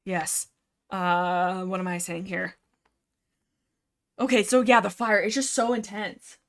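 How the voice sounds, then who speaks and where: A young woman hosts a casual livestream and chats about books. She rambles and gets excitable, and she piles on filler words as she goes. Her voice sits at an average pitch. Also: slow pace. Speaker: livestream host. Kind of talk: casual livestream book discussion.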